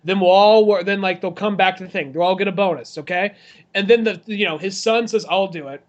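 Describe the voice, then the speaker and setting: A man co-hosting a podcast, casually retelling a film scene by scene and acting out the characters' lines in rough, swearing voices. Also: sits high, a little fast, muffled recording. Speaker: podcast co-host. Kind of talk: casual movie chat.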